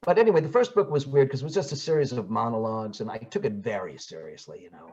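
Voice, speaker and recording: A man's voice: medium pitch, quick pace, a loud crowd. An older man from Brooklyn, an actor and audiobook narrator chatting in an interview, telling stories with many restarts. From Brooklyn, New York. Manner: animated storyteller, restarts and fillers, slips into voices. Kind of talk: casual interview chat. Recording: slightly dull lo-fi audio.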